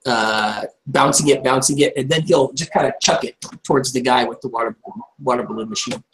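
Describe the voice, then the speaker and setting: A man's voice: mid-range voice, brisk, fairly bright tone, a little hiss or hum, poor audio. Casual man narrating a tabletop game. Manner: rambling, casual narration with many fillers.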